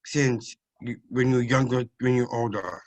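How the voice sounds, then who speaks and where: A man's voice: mid-range voice, fairly even intonation, normal speed, a little mellow, low-quality recording. A male student interviewer asking questions hesitantly, stammering and restarting often.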